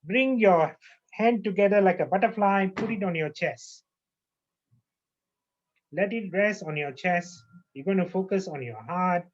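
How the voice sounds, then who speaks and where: A man with a slightly high voice leads a calm breathing and relaxation lesson, speaking slowly and repeating his phrases. The recording is muffled and lo-fi. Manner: calm, slow, repeats phrases with frequent okays. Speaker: naturopath and yoga teacher. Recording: muffled lo-fi audio.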